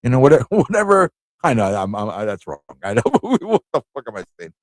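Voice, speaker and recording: A man's voice: medium pitch, very animated, fast talker, background noise. A man from New hosting a live online show, telling rambling, laughing stories with plenty of swearing. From New York City. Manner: rambling, laughing, profane storytelling. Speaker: show host. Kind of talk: casual live-stream chat.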